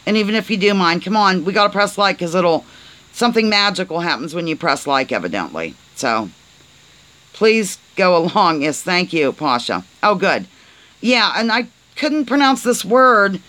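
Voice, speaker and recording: A woman's voice: fairly low pitch, sing-song, moderate pace, a bit bright, poor audio. Chatty woman hosting a live stream. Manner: chatty and playful, stumbling over words aloud. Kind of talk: casual live-stream chat. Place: on a porch, outdoors.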